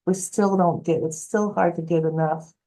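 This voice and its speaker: A woman health coach speaks as an interview guest, her voice mellow and a bit low. She tells her stories with animation, acting out what others said, and gives practical advice in an easygoing way. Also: moderate pace, rough recording. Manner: animated, acts out quoted voices. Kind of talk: storytelling interview answer.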